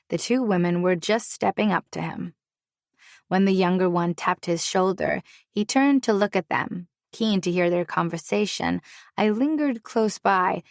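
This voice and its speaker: A woman's voice: fairly low pitch, no room sound, studio quality. A woman narrating a first-person romance audiobook with a wry, sultry, playful delivery.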